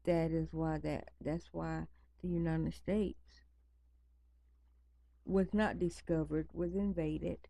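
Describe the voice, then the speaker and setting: Slow, gravelly-voiced woman chatting at home. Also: sits low, fairly even intonation, dark tone, no echo. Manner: rambling, repeats herself for emphasis. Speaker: vlogger. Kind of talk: casual chat to camera. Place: home at night, near pets.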